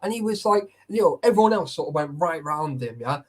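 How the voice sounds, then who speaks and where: A man telling a story in casual chat, animated and full of swearing. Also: fairly high pitch, fairly quick. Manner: animated, heavy swearing, acts out quotes. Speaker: urban explorer telling a story.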